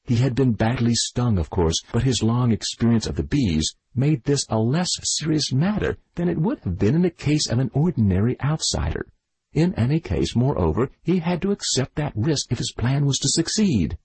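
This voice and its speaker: A man voicing a methodical detective in an audiobook reading, explaining in a measured, husky voice. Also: mid-range voice, sing-song, a little mellow, dry recording, heavily acted, rough recording. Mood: calm. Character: shrewd middle-aged male detective, calm and methodical.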